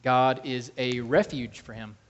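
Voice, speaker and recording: A man preaching a sermon, slow and emphatic, calling to the congregation for amens. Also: mid-range voice, steady tone, highs cut off. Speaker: pastor.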